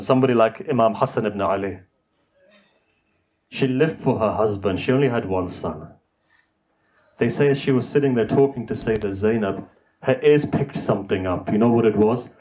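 In this emotional majlis sermon recitation, a middle-aged man speaks at a moderate pace in a lowish, darkish voice. His grief-filled storytelling builds and rises as he pleads with the audience.

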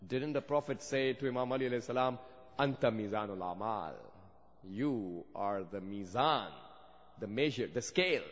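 Preacher with a long hall echo. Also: male voice, mid-range voice, lively intonation, moderate pace. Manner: storytelling, rising to fervent emphasis. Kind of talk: sermon. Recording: dull sound with long hall reverb.

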